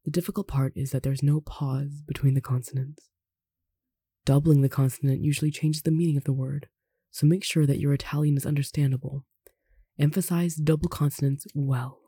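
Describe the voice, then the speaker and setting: A language tutor reading a pronunciation lesson aloud in an unhurried way, slowly spelling out examples and adding light asides. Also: medium pitch, fairly even intonation, mellow, breathy edge, no echo, clean studio sound. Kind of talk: reading an instructional text aloud.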